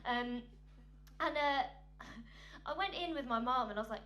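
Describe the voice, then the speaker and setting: A woman's voice: high-pitched, normal speed, long pauses. A woman telling a stand-up comedy story in a chatty, self-mocking way, with lots of ums. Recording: steady hum in the background.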